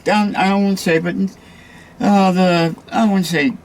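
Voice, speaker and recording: A man's voice: high voice, takes it slowly. A man with a Boston accent, a guest collector chatting casually and jokily. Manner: chatty, jokey, lively. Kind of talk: casual chat.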